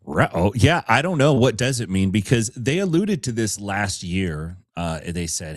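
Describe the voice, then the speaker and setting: A man's voice: fairly low pitch, very animated, moderate pace, few pauses, dry recording. A man co-hosting a grappling podcast as a coach, chatting casually and wryly with laughs mixed in. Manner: wry, joking, laughs while talking. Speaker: podcast co-host and jiu-jitsu coach.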